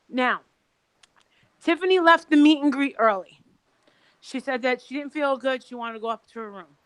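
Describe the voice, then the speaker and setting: A woman's voice: high-pitched, normal speed, pauses often, smooth, no echo, low-quality recording. A woman on a video call telling a rambling story in casual chat, acting out the people she quotes. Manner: rambling, acts out quoted dialogue. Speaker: guest recounting events.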